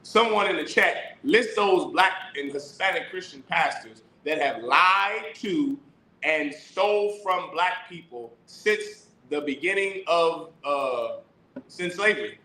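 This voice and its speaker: A man with a rather high, animated voice speaks slowly and sharply, teaching a religious class like a sermon. He preaches emphatically, poses rhetorical questions, and reads verses aloud. The low-quality recording sounds echoey.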